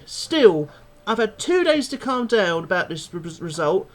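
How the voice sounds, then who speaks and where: A man's voice: high-pitched, sing-song, unhurried, hardly any pauses, fairly bright tone. A young man, a football fan vlogger, angrily ranting after a match and swearing bluntly. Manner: angry, swears a lot, blunt. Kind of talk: post-match fan rant.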